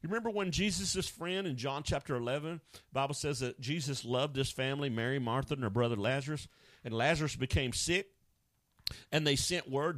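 A man preaching a sermon, animated, acting out Bible scenes and now and then jumping into high wailing voices. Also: a little fast, dry recording, studio quality.

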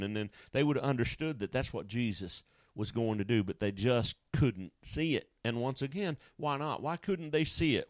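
A man's voice: medium pitch, no room sound. A male pastor preaching a sermon in a folksy, conversational way, often restarting his sentences.

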